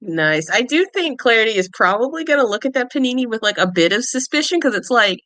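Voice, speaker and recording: A woman playing a character in a tabletop game, talking in a lively, playful way and laughing often. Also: a little high, quick pace, no room sound. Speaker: player.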